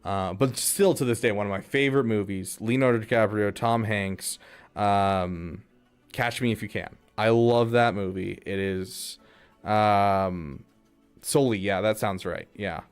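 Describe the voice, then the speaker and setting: A man's voice: on the low side, steady tone, measured pace, clear, resonant tone, faint music behind. A man streaming live, chatting casually with his viewers, rambling, restarting his sentences and laughing often. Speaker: streamer reading chat.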